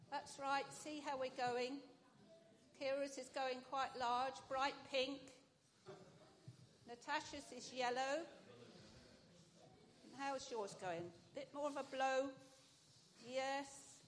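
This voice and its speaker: A woman's voice: high voice, slow, long pauses. A woman giving a sermon at an all-age church service, talking directly with the congregation and asking the children questions.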